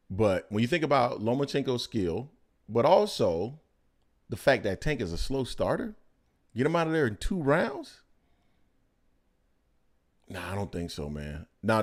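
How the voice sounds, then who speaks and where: A male podcast host talking boxing in casual chat. His pitch moves a lot as he jumps between loud joking and slower, lower analysis. He talks like he's among friends. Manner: excitable, swings from loud joking to low calm analysis.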